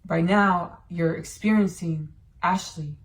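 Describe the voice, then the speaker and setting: In a voice on the low side, a woman hosting a podcast delivers a channeled spiritual monologue and shares personal thoughts. Her delivery is slow, drawn-out and meditative.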